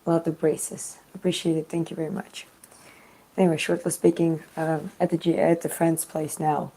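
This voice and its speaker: Hoarse, low-voiced woman live streaming. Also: little pitch movement, low-quality recording. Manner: soft and halting, many fillers. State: voice hoarse and deeper from losing it. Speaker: travel vlogger live streaming. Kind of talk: casual live stream chat. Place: small studio apartment indoors.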